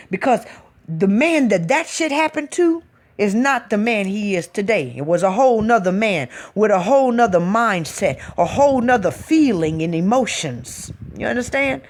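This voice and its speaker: Emphatic woman preaching to her listeners. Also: mid-range voice. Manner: emphatic, rhetorical, keeps asking "hmm?"; reads out listener comments. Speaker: spiritual talk host. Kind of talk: preachy casual live-stream talk.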